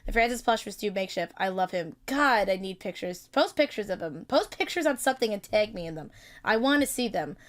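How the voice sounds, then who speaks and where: A woman streaming live in casual chat, excitable and laughing often, with bursts of mock-outraged swearing. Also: medium pitch, brisk. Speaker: streamer hosting a chat with creators.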